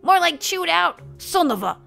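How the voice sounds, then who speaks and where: Woman doing a put-on accent for a gruff older seaman, dramatic audio-log read. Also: very high voice, big pitch swings, moderate pace, sharp tone, soft background music, pitched above the performer's own voice, full character voice.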